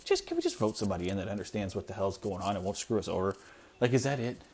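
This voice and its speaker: Racing along in a fairly low, slightly rough, a little mellow voice, this thirtysomething podcast host rants alone with blunt exasperation. He leans heavily on "like," and he's recording at home with his young children close by.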